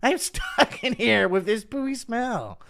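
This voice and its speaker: A man putting on the voice of a flustered man trapped in a smelly restroom, talking high and strained through giggles. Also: animated, slow pace, vocal fry, fairly bright tone, heavily acted.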